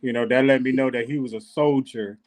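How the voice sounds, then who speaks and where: A man's voice: medium pitch, steady tone, fairly quick, darkish tone. A man who is a guest on a casual live podcast, speaking in an earnest, encouraging way. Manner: earnest and encouraging, with churchy turns of phrase.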